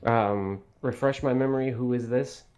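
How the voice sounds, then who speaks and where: A man's voice: medium pitch, moderate pace, a little mellow. A hesitant man playing a tabletop game. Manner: hesitant, with fillers. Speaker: player.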